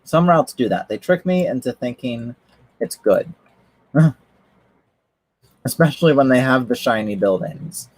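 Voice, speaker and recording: A man's voice: mid-range voice, expressive, takes it slowly, long pauses, no room sound, rough recording. A man chatting casually on a livestream, rambling with lots of fillers and restarts. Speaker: streamer.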